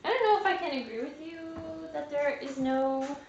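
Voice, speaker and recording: A woman's voice: sits high, expressive, moderate pace, highs cut off. Chatty young woman cooking in echoey kitchen. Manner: chatty, jokey, talks to herself while cooking. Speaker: cooking show host. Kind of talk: casual live cooking demonstration. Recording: echoey kitchen with background noise.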